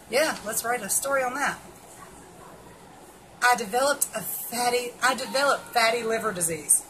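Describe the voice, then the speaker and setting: A fairly high-voiced woman talks straight at the camera, blunt and sarcastic, tossing in swear words. The recording carries a clear layer of background noise. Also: bright, forceful tone, rough recording. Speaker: keto vlogger. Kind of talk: casual commentary reacting to an article.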